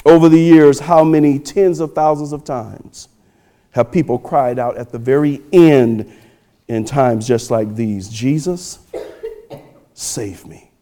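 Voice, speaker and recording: A man preaching a sermon, building phrases with swelling emphasis and dramatic pauses. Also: medium pitch, dark tone.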